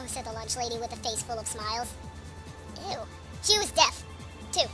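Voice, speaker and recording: A young reader with a high voice works through a badly written fan story aloud, stopping again and again to mock it with sarcastic, exasperated asides. Music plays clearly underneath the whole time. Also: animated, moderate pace. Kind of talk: mocking read-aloud with commentary. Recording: background music.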